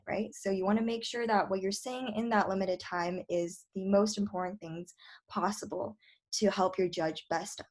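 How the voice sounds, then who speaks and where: A young woman debate coach giving a casual lecture, full of fillers like "like" and "um". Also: medium pitch. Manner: chatty, filler-heavy, lots of "like" and "um".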